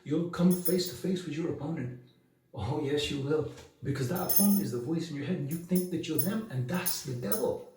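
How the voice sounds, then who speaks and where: Preachy guy ranting to camera, dark tone, sounds far off in a big echoey room. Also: fairly high pitch, a little fast. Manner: emphatic, preachy, full of rhetorical questions. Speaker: video blogger. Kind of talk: monologue to camera.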